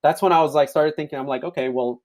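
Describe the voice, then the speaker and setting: A man's voice: on the high side, fast talker. A young man from Africa, a podcast guest, chatting casually and telling stories while acting out quoted voices. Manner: animated storyteller, acts out quoted voices. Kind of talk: casual chat.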